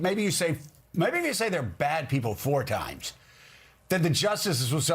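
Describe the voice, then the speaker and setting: A man's voice: high-pitched, very animated, normal speed, breathy edge. A male television host giving incredulous, mocking political commentary.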